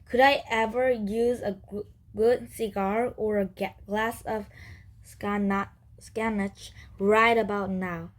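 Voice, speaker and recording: A fussy, doting old cat who is somebody's great-grandfather, read by a woman. He speaks slowly and carefully, in a children's storybook reading. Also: mid-range voice, fairly even intonation, lightly acted. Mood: pleading. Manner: reading a talking-cat dialogue aloud in a lightly lifted voice. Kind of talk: children's book read aloud.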